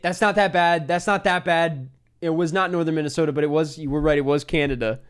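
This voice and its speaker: A man streaming a geography guessing game, talking to himself and his chat in an excitable, casual way. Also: a little high, quick pace, clean tone. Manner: excitable, talks to himself while guessing, swears. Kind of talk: casual live gameplay chat.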